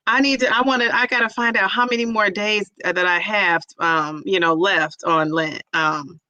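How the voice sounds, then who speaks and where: A middle-aged woman chatting casually on a livestream, telling animated stories to her viewers. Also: medium pitch, moderate pace, dry recording, muffled recording. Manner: chatty, animated storytelling with laughs. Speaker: vlogger.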